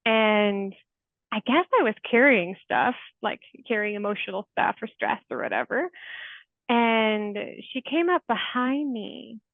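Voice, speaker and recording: A woman's voice: on the high side, measured pace, gravelly, dry recording. A therapist in her forties, a woman, speaking as an interview guest in an earnest, heartfelt way, with many "like" fillers. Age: 40s. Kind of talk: conversational interview storytelling. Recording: tinny phone-like remote call audio.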